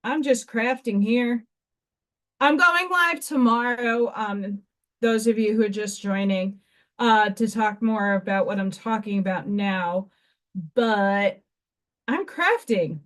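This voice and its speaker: A woman's voice: medium pitch, slow. A woman hosting a casual live craft stream from home, chatting and rambling to herself as she works. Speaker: livestream host.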